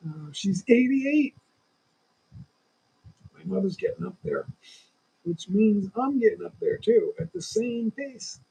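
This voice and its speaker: A man's voice: high-pitched, lively intonation, takes it slowly, creaky, long pauses, dark tone, breathy edge, low-quality recording. A man in his sixties with a lingering cough, hosting a casual livestream and chatting in a rambling, opinionated way straight to his viewers. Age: 60s. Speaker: livestream host.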